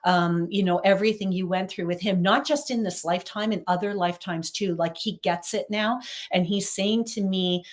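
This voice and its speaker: Woman, psychic host, upbeat and chatty, phone livestream from home, mid pitch. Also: fairly even intonation, moderate pace, few pauses. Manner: chatty, upbeat, talks straight to viewers. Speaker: psychic reader hosting a livestream. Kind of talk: casual livestream chat with readings.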